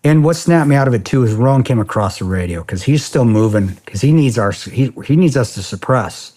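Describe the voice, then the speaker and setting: A man being interviewed on a podcast, telling a story in a casual, animated way, swearing often and saying "man" a lot. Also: mid-range voice, a little fast. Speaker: podcast guest, former soldier.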